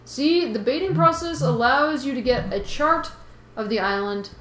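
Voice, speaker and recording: A woman's voice: high voice, moderate pace, a bit bright, roomy sound, pitched above the performer's own voice. Woman doing a brash fish with Boston twang. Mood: pushy, teasing. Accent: put-on Boston. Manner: reading game dialogue aloud. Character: brash talking male fish, pushy know-it-all.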